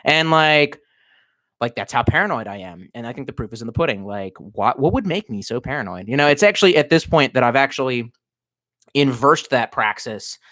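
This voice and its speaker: A man's voice: mid-range voice, lively intonation, brisk, bright, forceful tone, no room sound, clean studio sound. A man in his thirties, a bit drunk, ranting on a livestream from his cramped bedroom in a rambling, profane, sardonic way. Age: 30s. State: tipsy. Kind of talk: casual livestream rant.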